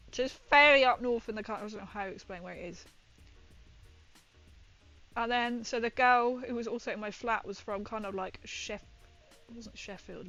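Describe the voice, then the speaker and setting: A woman's voice: medium pitch, fairly bright tone. A woman chatting casually as she paints miniatures, rambling and swearing now and then. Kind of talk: casual chat while painting.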